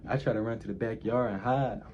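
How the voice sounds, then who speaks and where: Brief: young male vlogger with a low, mellow voice. Slangy and rambling, recorded on a phone with dull, lo-fi sound. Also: steady tone, fairly quick, slight background noise. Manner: slangy, rambling, often repeating himself. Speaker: YouTuber answering fan questions. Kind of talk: casual Q&A vlog storytelling.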